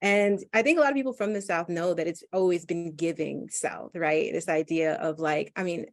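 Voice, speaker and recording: Chatty low-voiced woman moderator. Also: moderate pace. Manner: chatty, with many fillers. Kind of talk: casual interview hosting.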